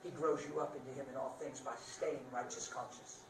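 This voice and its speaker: A man preaching a sermon with dramatic swings between loud bursts and hushed lines, playful and laughing at himself now and then. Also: medium pitch, fairly even intonation, a little fast, noisy background. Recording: roomy sound picked up from a distance.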